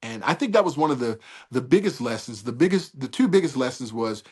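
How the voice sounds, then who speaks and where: A man's voice: mid-range voice, expressive, a little fast, slightly rough. A middle-aged man, a veteran sports broadcaster telling stories as a guest in a casual interview, with emphatic, preacher-like rhetorical questions.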